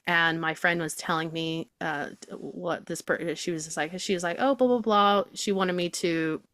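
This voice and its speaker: A woman stage actress chatting in an interview, telling animated stories and now and then dropping into put-on accents. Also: low voice, moderate pace, no echo. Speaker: guest theatre actress. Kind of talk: casual interview chat.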